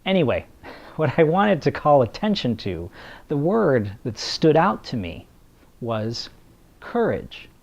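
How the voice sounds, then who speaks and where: Male author vlogger, measured and slow, sarcastic edge, muffled lo-fi sound. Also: a little high, sing-song, gravelly, darkish tone. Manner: sardonic, blunt. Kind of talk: scripted commentary. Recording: dull lo-fi recording.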